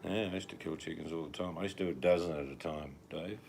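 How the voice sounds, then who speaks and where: A man's voice: low voice, vocal fry, a little hiss or hum. A man with an Australian accent, joking in casual live-stream chat. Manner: joking, drawn-out deadpan asides.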